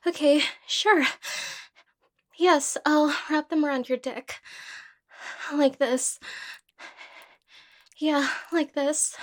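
Woman, young adult, adult audio role-play, slow, teasing, intimate. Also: sits high. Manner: teasing, intimate, unhurried delivery.

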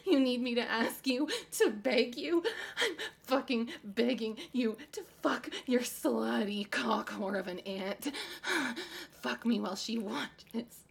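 A woman acting in an erotic audio role-play as a desperate, pleading, domineering adult woman, breathy and alternating between whispers and sobs. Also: on the high side, takes it slowly, exaggerated voice.

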